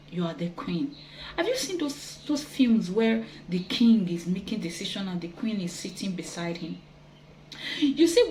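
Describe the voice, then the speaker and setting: A woman giving earnest, gentle advice to wives, with soft laughs and quoted asides. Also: medium pitch, a little hiss or hum, rough recording. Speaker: relationship teacher.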